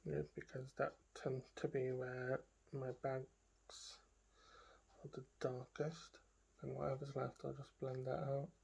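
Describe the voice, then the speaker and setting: A woman's voice: very deep voice, flat delivery, slow pace, gravelly, warm tone, slightly rough. A woman beauty vlogger talking casually through a makeup tutorial, chatting to herself and trailing off into murmured asides as she works.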